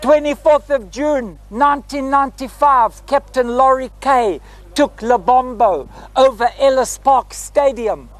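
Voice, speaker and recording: Inside a parked airliner cabin, a South African retired flight attendant in his sixties gives a group tour in a lively, theatrical style, ending lines with tag questions like "eh?". His voice is very high and unhurried, and the recording quality is low.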